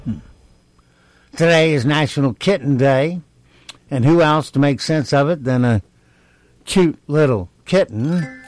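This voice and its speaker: A man hosting a talk show, introducing comedy clips in a relaxed, chatty way. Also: on the high side, measured pace, pauses often, soft background music. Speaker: radio host.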